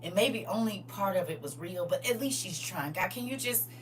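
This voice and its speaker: Woman playing jesus begging dad to calm down, soft and pleading, bright voice a bit far off. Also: sits high, fairly quick, pitched above the performer's own voice. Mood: soothing. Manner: pleading, soothing. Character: pleading male Jesus calming his father.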